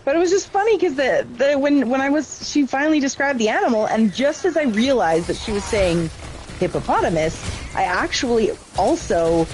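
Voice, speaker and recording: A middle-aged woman chatting casually with friends while playing a game, telling stories in a lively, chatty way. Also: high voice, normal speed, a little hiss or hum. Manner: chatty storytelling, lively retelling of exchanges. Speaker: parent and gamer. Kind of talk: casual chat while gaming.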